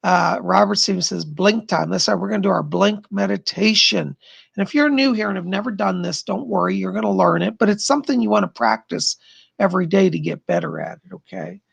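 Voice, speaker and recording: A middle-aged man with a strained, gravelly voice, chatting with viewers and leading a guided meditation on a live stream. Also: sits high, expressive. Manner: chatty, gentle, thanks viewers by name; slow soothing guidance in meditation. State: strained, worn voice. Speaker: psychic medium streamer.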